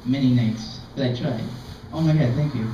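A young man performing open mic stand-up comedy in a self-deprecating, halting, rambling way. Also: mid-range voice, dark tone, distant mic, a little hiss or hum. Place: small art gallery open mic. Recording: dull, echoey room recording from afar.

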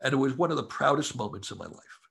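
A man, a comedy writer, telling relaxed anecdotes as a guest in an interview. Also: mid-range voice, fast, gravelly, slightly rough. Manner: relaxed anecdotal storyteller who acts out quotes. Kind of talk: casual storytelling interview.

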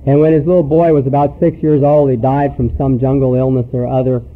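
A man's voice: medium pitch, little pitch movement, brisk. Earnest man telling a story, tinny recording. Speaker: speaker at a recovery meeting. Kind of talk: personal recovery talk.

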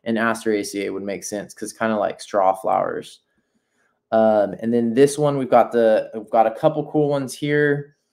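A man talks through a painting lesson in a relaxed, improvised way, often stopping mid-thought and starting his sentences again. His tone stays friendly and encouraging as he invites viewers to sketch with him. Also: fairly low pitch, normal speed, creaky. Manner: thinks aloud, breaks off and restarts sentences. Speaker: nature journaling instructor. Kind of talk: casual live painting demonstration.

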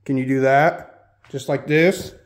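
Inside an old schoolhouse, a man hosting a solo ghost-hunting vlog casually calls out questions to spirits. His medium-pitched voice is steady and slow, the room is echoey, and there's a little hiss or hum.

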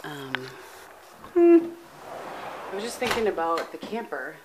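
A woman's voice: mid-range voice, wildly swooping pitch, unhurried, a little mellow, slight background noise. A middle-aged woman from the United States, chatting casually in a home vlog with lots of ums, tired and sleepy, recorded on a camera mic. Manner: chatty, rambling, frequent ums. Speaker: vlogger.

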